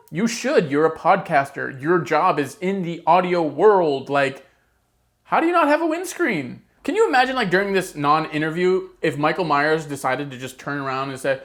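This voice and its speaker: A woman rants with exasperated energy, her pitch leaping up and down as she pokes fun at what annoys her. Her delivery is casual and sarcastic, with lots of asides. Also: lively intonation, normal speed. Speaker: horror channel host. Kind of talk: casual opinion rant.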